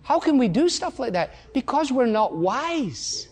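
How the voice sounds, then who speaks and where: A man's voice: very high voice, big pitch swings, measured pace. A man in his sixties preaching a sermon, firing rhetorical questions and hammering points home through repetition. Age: 60s. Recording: long hall reverb.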